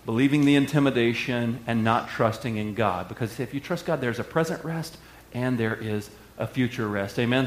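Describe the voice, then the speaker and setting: A male pastor preaching a sermon with energetic call-and-response delivery. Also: medium pitch, slight background noise. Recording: echoey hall.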